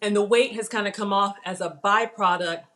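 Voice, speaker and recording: A woman's voice: mid-range voice, fairly quick. Middle-aged woman, casual live cooking host, bubbly and chatty. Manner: chatty, excitable, talks while eating.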